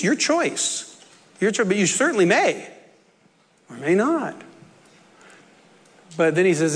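A man's voice: high-pitched, lively intonation, a little slow, fairly bright tone, long reverb tail. A man preaching a sermon in an earnest, conversational way, with asides and jokes, in a church.

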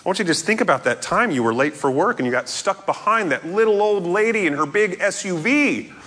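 Animated preaching man in an echoey hall. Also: high-pitched, brisk. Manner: animated, playful preaching with sudden loud jumps and quiet drops. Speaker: pastor. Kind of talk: sermon.

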